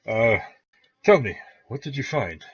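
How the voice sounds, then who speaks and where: A man voicing a hearty, friendly male soldier who calls out loudly and talks briskly, in a tabletop game. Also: mid-range voice, lively intonation, slightly rough, highs cut off, voice pushed up, heavily acted. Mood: earnest.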